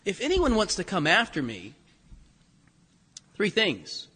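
High, bright-voiced preacher in a reverberant hall. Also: male voice, slow, long pauses, breathy edge. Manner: animated storytelling with laughs and acted-out quotes. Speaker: pastor. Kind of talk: sermon.

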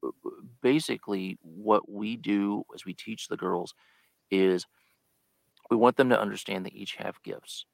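A man's voice: fairly low pitch, creaky, dry recording. A man chatting as a guest on a live podcast, telling a story and acting out the lines he quotes. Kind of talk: casual live podcast chat.

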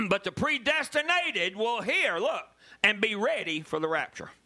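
A male pastor preaches with lively, swooping pitch and a very bright, forceful tone. His voice sits high for a man, and he swings between quiet asides and loud, punchy lines. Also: unhurried. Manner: animated preaching with sudden loud emphasis. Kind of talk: sermon.

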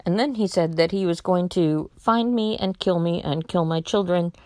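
A woman telling a personal anecdote in a sardonic, wry and animated way. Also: fairly low pitch, moderate pace, no echo, studio quality.

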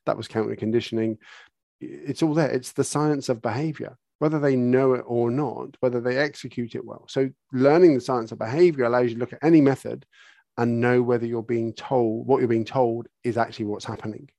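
A man's voice: mid-range voice, steady tone, a little fast, vocal fry, mellow, dry recording. A man, a horse trainer answering interview questions, talking eagerly and acting out little bits of dialogue as he explains.

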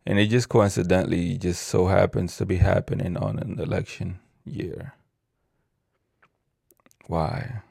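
A man's voice: sits low, fairly even intonation, a little slow, creaky, long pauses, warm tone, breathy edge, no room sound, clean studio sound. A man from ranting casually on his own video, profane and rambling, stumbling over words as he reads the news aloud. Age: adult with a child. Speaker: vlogger.

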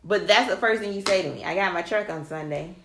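A woman co-hosting a podcast, telling a long story in casual chat, animated and swearing freely as she quotes people. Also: mid-range voice, fast. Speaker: podcast co-host. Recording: echoey room with faint noise.

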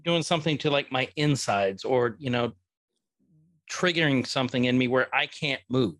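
A man hosting a casual chat, loose and halting, swearing casually. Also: mid-range voice, a bit bright, no echo.

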